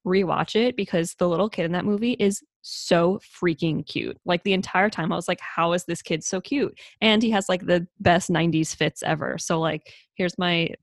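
A young woman co-hosting a casual chat, relaxed and wry. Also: lowish voice, moderate pace, few pauses, no room sound, clean studio sound. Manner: relaxed and wry, with frequent ums and laughs. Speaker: podcast co-host. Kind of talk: casual chat recapping a movie.

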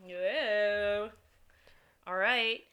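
Woman, podcast co-host, bright tone, giggly, rambling, self-deprecating, casual chat, shared mic. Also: medium pitch, extremely slow, clean tone, dull audio. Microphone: sharing one microphone.

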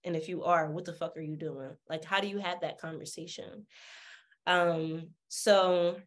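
A woman's voice: fairly low pitch, measured pace. Woman guest on a podcast, sassy and candid, swears a lot, acts out everyone in her story. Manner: sassy, animated, swears freely, acts out the people she quotes.

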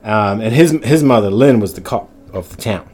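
A man's voice: on the low side, animated, moderate pace, a little mellow. A man, a podcast guest in casual chat who swears often and laughs through his stories. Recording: faint background noise.

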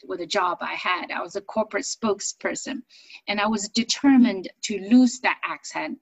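A middle-aged woman from China, a native Chinese speaker and business owner, telling her life story in a chatty, animated interview. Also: medium pitch, dry recording, poor audio. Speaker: business owner and accent coach.

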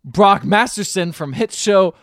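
A man co-hosting a podcast, recapping a film plot in a rambling, casual way and popping in quick silly voices. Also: high-pitched, expressive, gravelly, fairly bright tone, no room sound, clean studio sound. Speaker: podcast co-host recapping a movie. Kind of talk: casual chat.

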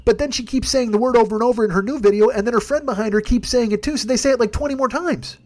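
A podcast host delivers a profane, rambling comedic rant. His voice sits high for a man, and the words tumble out at a rapid clip.

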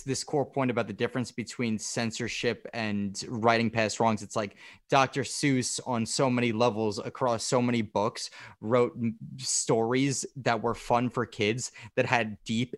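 A young adult man talks through his opinions on a casual podcast. He pushes his point hard and lets it climb into animated outbursts, with a swear here and there. His pitch sits at an ordinary middle. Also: measured pace. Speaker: podcast co-host. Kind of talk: casual debate chat.

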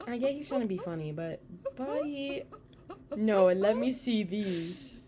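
Chatty woman with a lively, bouncy voice. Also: mid-range voice, a little slow, a little hiss or hum. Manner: chatty, rambling, lots of "like" fillers. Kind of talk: casual chat.

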